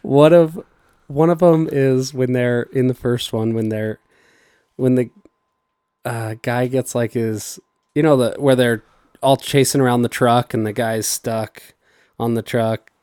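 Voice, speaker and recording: A man in casual conversation on a podcast, circling back on himself as he recounts movie moments. His voice sits at an ordinary pitch and sounds close and dry, with no room around it. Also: steady tone, unhurried, warm tone, clear, resonant tone, no echo. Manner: rambling, laughs while retelling scenes. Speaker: podcast host. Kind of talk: casual chat.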